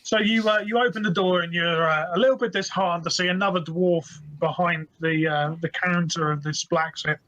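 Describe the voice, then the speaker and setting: A man narrating as game master for a tabletop game, relaxed and chatty. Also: high-pitched, brisk, few pauses, rough recording.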